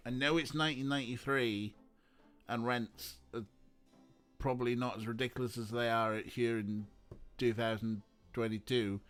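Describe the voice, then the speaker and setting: A man's voice: medium pitch, normal speed, fairly bright tone, soft background music. A man streaming an adventure game, making joking asides and laughing at the dialogue. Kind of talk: casual let's play commentary.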